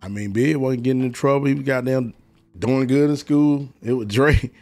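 Male guest DJ, animated profane storyteller. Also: mid-range voice, normal speed, soft background music. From Atlanta, US. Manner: animated, profane, acts out quoted voices. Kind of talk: casual storytelling.

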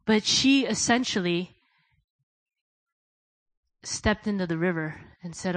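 A woman preaching a sermon, telling stories in a casual way, dropping soft and low for quoted prayers and rising loud when she urges her listeners. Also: animated, slow, long pauses, no room sound, poor audio. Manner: addresses listeners as "guys".

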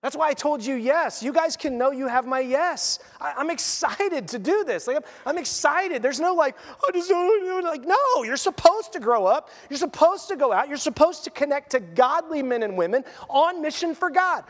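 Male pastor, middle-aged, very high voice, animated sermon, long hall reverb. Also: normal speed, few pauses. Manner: animated, acts out quotes, restarts often.

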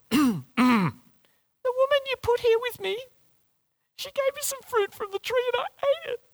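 A preacher voicing a whining, blame-shifting Adam in a sermon retelling, in a high, pleading put-on tone. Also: male voice, very animated, takes it slowly, fairly bright tone, no echo, heavily acted. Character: whiny blame-shifting biblical man Adam.

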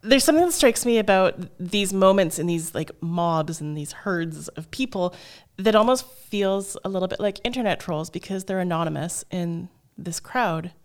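A woman's voice: fairly low pitch, lively intonation, normal speed. A woman in a casual discussion, reflective and chatty, laughing lightly as she talks. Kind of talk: casual chat.

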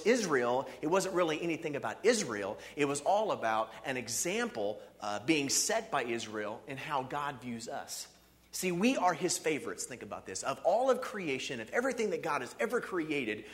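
A man preaching a sermon in an animated, conversational style, leaning on "see" and "okay." His voice sits a touch high and moves up and down widely as he talks. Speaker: pastor.

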